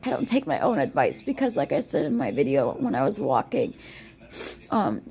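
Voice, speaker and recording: A woman crying as she records a halting, rambling confessional monologue on her phone. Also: sits low, very animated, warm tone, poor audio. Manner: halting, rambling, repeats herself. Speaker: vlogger.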